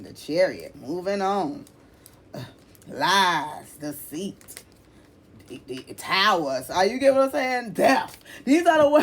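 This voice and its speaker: Woman, low-pitched tarot reader, casual and blunt, cusses, repeats lines for emphasis, light background hiss. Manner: blunt, swears freely, calls listener honey.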